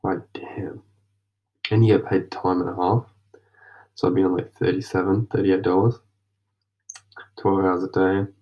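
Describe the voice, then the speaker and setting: A young Australian man talks in a slangy, rambling late-night monologue and keeps dropping into half-whispers. His voice sits very low with a gravelly fry and barely moves in pitch. The sound comes through a dull, lo-fi mic. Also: level tone, normal speed, pauses often. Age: young adult. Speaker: vlogger journaling.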